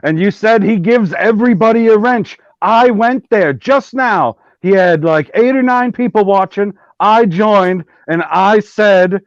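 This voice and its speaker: High gravelly man on a dull mic. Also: measured pace, few pauses, no echo. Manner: amused, chuckling, wry storytelling. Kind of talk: casual livestream chat.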